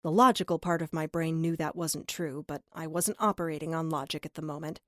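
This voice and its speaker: A woman narrating a first-person crime audiobook in a measured, earnest way on a close studio mic. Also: low voice, fairly even intonation, dry recording.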